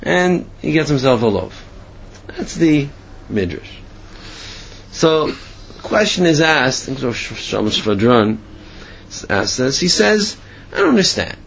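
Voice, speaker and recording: A man's voice: mid-range voice, takes it slowly, vocal fry, long pauses, lo-fi sound, a little hiss or hum. A man giving a sermon and telling parables, asking himself questions as he goes. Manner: storytelling, animated, asks himself questions.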